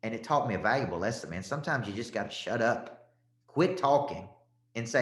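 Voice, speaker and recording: A man's voice: mid-range voice, lively intonation, brisk, roomy sound. A man with a Southern accent, a sales coach giving a punchy, repetitive motivational talk and calling out listeners by name.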